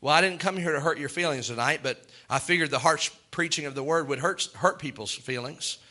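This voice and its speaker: A man preaching a sermon, chanting long lists in a slow rhythmic litany and chuckling between points. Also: on the high side, pushed and bright.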